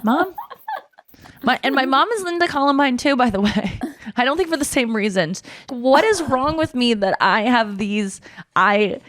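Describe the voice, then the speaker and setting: Podcast host, woman in her thirties, lively and self-mocking, close dry mic. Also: a little high, normal speed, no echo. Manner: animated, self-deprecating, swears freely. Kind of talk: casual chat.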